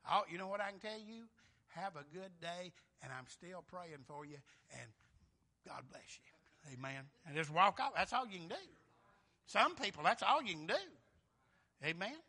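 A man preaching a folksy, emphatic sermon, swinging from soft asides to loud declarations. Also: high-pitched, animated, moderate pace.

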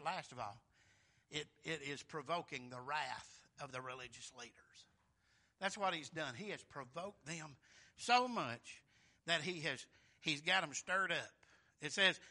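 A man preaching a sermon in a folksy, emphatic way, swinging between loud and soft. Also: sits high.

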